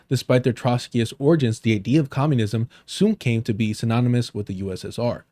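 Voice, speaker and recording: Brief: male streamer, mellow tone, dry close sound, swears and jokes while reading aloud. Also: medium pitch, no echo. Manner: profane, joking asides between reading. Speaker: livestream host. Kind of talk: casual livestream commentary, reading an article aloud.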